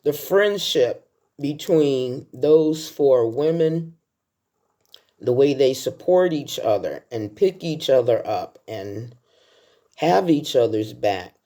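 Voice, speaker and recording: A rumbling low, mellow voice, expressive and unhurried, carries this casual film countdown. The speaker is a woman in her sixties who vlogs about movies, chatting about her favorites and sharing stories from the heart.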